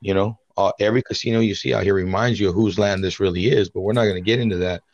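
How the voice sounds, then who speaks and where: Young male podcast co-host, loose and profane, lower-pitched, muffled and dry sound. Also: steady tone, fast talker, a little mellow, dry recording. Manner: profane, laid-back storytelling. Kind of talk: casual chat.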